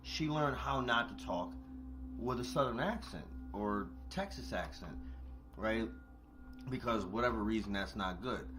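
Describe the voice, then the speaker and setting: Over music, a man with a lowish, expressive voice hosts a late-night podcast monologue from home, eating while his cat lingers close. Speaking at a measured pace, he addresses listeners directly, curses freely, laughs a lot, and hammers points home through repetition.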